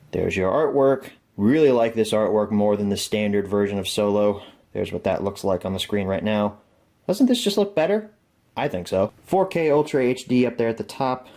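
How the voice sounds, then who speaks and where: A man's voice: on the low side, a little mellow. Chatty young man reviewing discs. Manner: chatty, self-deprecating, thinks aloud. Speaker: home media reviewer. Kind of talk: casual product review vlog.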